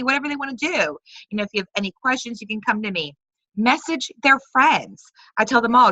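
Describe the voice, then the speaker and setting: A woman leads a coaching session over a video call, talking in an upbeat, chatty way and acting out sample messages. Her voice is bright and sits a little high. The sound is dry and close. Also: moderate pace, no echo, rough recording. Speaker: team leader. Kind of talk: coaching talk on a video conference.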